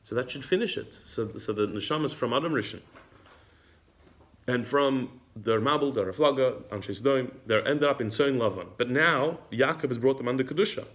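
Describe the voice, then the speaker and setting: A man's voice: mid-range voice, normal speed, a bit bright. A man teaching a religious text class. He reads Hebrew passages aloud, explains them in English, and often repeats his words as he goes. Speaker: Torah teacher.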